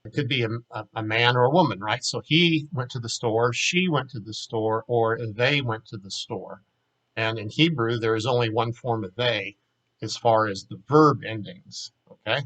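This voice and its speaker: A man with a Southern American accent teaching a grammar lesson in a casual way, saying each word slowly and repeating it for drill. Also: mid-range voice, a bit bright, poor audio. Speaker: Hebrew teacher.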